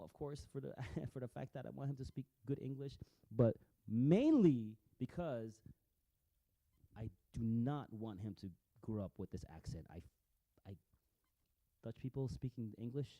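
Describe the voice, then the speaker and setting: A man's voice: medium pitch, lively intonation, normal speed, mellow, no echo. A man commenting casually on video clips, rambling, swearing, and repeating words as he goes. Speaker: vlogger.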